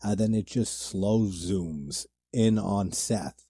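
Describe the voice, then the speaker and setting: A man's voice: lowish voice, takes it slowly, warm tone, husky, no echo, clean studio sound. A man giving casual, enthusiastic commentary on a horror movie, retelling scenes loosely with laughs and fillers.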